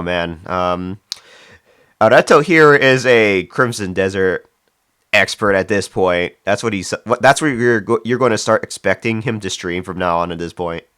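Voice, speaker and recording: Male streamer, low voice, dry close sound, chatty and rambling, talks to chat while working. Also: fairly bright tone, dry recording. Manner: rambling, reads chat aloud, frequent fillers and restarts. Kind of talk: casual live-stream chat.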